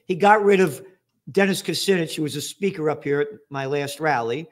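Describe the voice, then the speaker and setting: A man's voice: a little high, brisk. A male host of a political interview show, ranting in a sarcastic, emphatic way.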